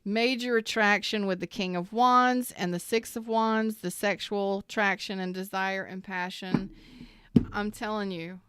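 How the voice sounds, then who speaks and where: A woman's voice: mid-range voice, fairly even intonation, measured pace, a bit bright, clean tone, no echo. Emotional, earnest woman tarot reader. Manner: earnest, emotional, repeats phrases, near tears. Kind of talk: emotional tarot reading to camera.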